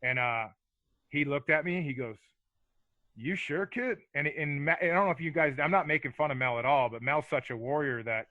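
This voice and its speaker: Brisk and fairly high-pitched, a forties-aged ex-hockey enforcer shares laid-back, foul-mouthed stories loaded with filler words while guesting on a podcast. The sound is phone-quality, with no room sound.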